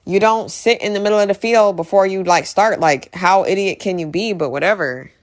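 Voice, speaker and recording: A woman's voice: medium pitch, brisk. A woman casually recapping a movie with strong opinions, talking in a chatty way full of "like" and "literally". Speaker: movie reviewer.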